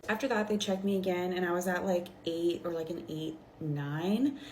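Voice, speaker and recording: A woman's voice: on the low side, normal speed. A young woman vlogger telling a casual storytime while doing her makeup, chatty and full of fillers. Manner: chatty, filler-heavy, animated retelling. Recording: roomy with faint background noise.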